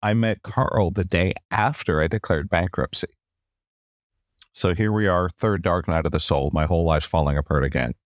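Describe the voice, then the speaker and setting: A middle-aged man with a low, deep voice tells his story as a podcast guest. He acts out his quoted rants and keeps coming back to "long story short". The recording is close and dry. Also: normal speed, dry recording.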